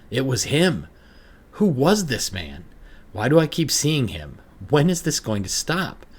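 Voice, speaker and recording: Husky low-voiced man narrating horror. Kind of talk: first-person horror story narration.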